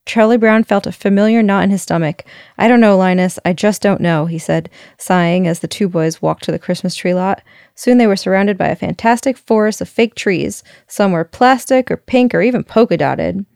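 A woman reading a picture book aloud in a lively way, chuckling now and then. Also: medium pitch, moderate pace, gravelly, smooth, dry recording, studio quality. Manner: lively, chuckles as she reads. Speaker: storyteller.

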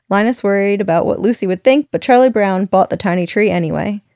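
A woman reading a picture book aloud in a lively way, chuckling now and then. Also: medium pitch, quick pace, no room sound, studio quality. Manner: lively, chuckles as she reads. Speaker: storyteller.

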